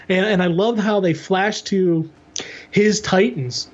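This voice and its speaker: High-voiced eager podcast man, muffled. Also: fairly even intonation. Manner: enthusiastic, quick, many restarts. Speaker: podcast co-host. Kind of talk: casual comics discussion.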